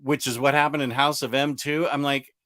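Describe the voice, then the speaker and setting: A man's voice: medium pitch, flat delivery, a little fast, fairly bright tone. A man hosting a comic book channel, chatting casually and enthusiastically, rambling and answering viewer comments. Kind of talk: casual livestream chat.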